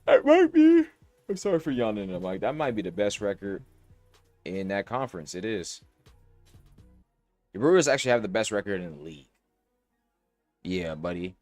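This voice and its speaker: Low-voiced man rambling over sports bets. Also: expressive, moderate pace, long pauses, dry recording. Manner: rambling, thinking aloud with slang and cursing. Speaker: podcast host. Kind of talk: casual sports betting talk. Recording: dry close mic, faint music.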